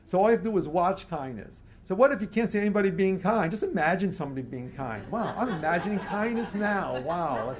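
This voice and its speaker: A man's voice: high-pitched, animated, a little fast, few pauses, a little hiss or hum. An older man from the United States giving a motivational lecture to a live audience, telling stories, chuckling often and leading the crowd in chants. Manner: storytelling, leads the crowd in chants. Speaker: motivational speaker.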